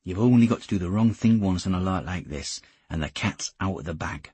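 Man reading burly gruff commando, curt low orders, deep husky voice, dry sound. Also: a little fast, dark tone, no room sound.

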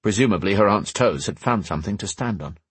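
A man narrating a fantasy audiobook in a measured storytelling manner, slowing for dramatic moments. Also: on the low side, expressive, slightly rough, no room sound.

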